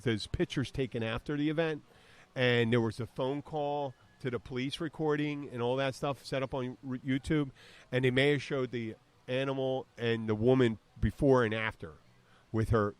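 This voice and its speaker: A man's voice: medium pitch, steady tone, moderate pace, smooth. A man co-hosting a podcast, telling rambling, profane stories in casual chat. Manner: rambling, profane, acts out quotes. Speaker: podcast co-host.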